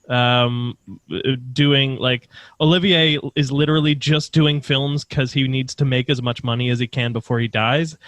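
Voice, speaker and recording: A man co-hosting a casual film discussion podcast, talking with animated emphasis and swearing now and then. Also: medium pitch, no echo. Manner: animated, swearing, quick asides. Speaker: podcast co-host.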